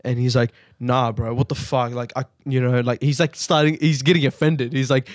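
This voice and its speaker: A man's voice: mid-range voice, level tone, moderate pace, no room sound, clean studio sound. Rambling, swearing young guy. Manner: rambling, profane, laughs a lot, repeats himself. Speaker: podcast co-host. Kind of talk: casual storytelling chat.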